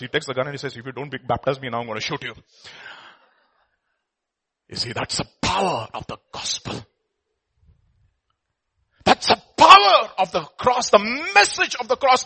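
A man preaching a sermon, telling a story and acting out its voices, swinging from loud to hushed. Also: on the high side, husky.

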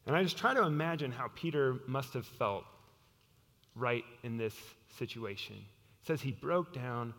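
Male pastor, sermon, earnest, dips to a hush, slightly high voice, long hall reverb. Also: lively intonation, unhurried. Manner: earnest, drops to hushed tones for emphasis.

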